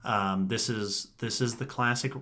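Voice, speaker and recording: Bright-voiced, chatty man co-hosting a podcast. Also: lowish voice, steady tone, a little slow. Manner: rambling, laughs often, reads chat comments aloud. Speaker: podcast co-host. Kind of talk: casual livestream sign-off chat.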